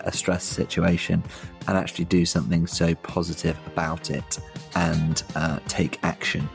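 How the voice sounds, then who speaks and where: A man hosting a podcast in casual chat, hesitant, with many fillers, and quick to laugh. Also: low-pitched, creaky. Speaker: podcast host.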